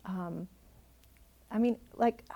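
A woman's voice: mid-range voice, extremely slow, creaky, mellow, dull audio. Thoughtful woman giving a dharma talk. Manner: thoughtful, hedging, laughs easily. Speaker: meditation teacher.

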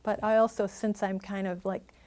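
A woman's voice: medium pitch, flat delivery, moderate pace, mellow. A woman meditation teacher giving a dharma talk and answering questions, thoughtful and hedging, laughing easily.

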